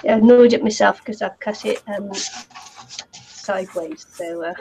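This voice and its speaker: Gravelly craft host muttering along. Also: female voice, mid-range voice, unhurried, warm tone, slight background noise, poor audio. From New Zealand. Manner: self-deprecating, muttering while working. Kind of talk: casual craft chat.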